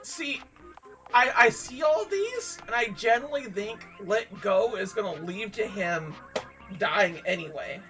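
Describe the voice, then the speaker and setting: A woman's voice: mid-range voice, expressive, measured pace, a bit bright, recorded from a distance, soft background music. A woman streaming a game, commenting with joking, ironic asides.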